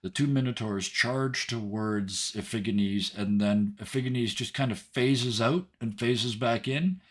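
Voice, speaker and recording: A man's voice: mid-range voice, unhurried. A man narrating a tabletop role-playing game as game master, rambling with fillers and frequent "right?".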